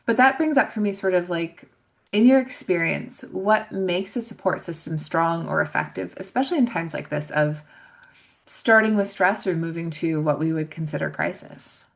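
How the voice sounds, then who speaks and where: A woman hosting a podcast, asking thoughtful, measured questions. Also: on the low side, creaky. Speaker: podcast host. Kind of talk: interview questions.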